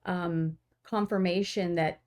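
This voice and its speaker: A woman's voice: on the low side, steady tone, takes it slowly, darkish tone. Earnest woman with a Texas twang. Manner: earnest and encouraging. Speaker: podcast co-host. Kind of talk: casual chat.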